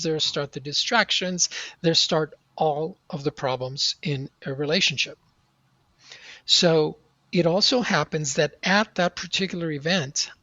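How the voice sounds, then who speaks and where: A middle-aged man, a guest on an interview show, telling a personal story in an earnest, animated way. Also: on the high side, no echo. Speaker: podcast guest. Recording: dry, slightly dull audio.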